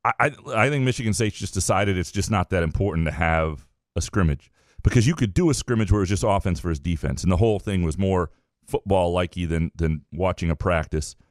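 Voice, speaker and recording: A man co-hosting a casual sports podcast, talking things through in a measured, hedging way. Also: low voice, no room sound, studio quality. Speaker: podcast co-host.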